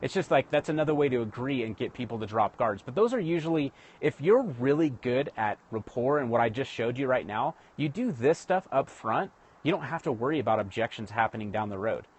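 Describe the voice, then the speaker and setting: A man's voice: medium pitch, expressive, a little fast, breathy edge. A man hosting a live stream, talking casually to viewers about building rapport, with frequent restarts and direct address. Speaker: livestream host teaching sales rapport. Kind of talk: casual livestream teaching.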